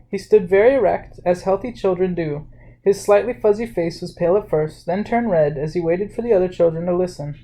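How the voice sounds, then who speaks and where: A storyteller reads a novel aloud in a plain, unhurried way. The voice sits at a mid pitch and stays even. Now and then a word slips and gets corrected. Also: poor audio. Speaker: audiobook narrator. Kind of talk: storybook reading.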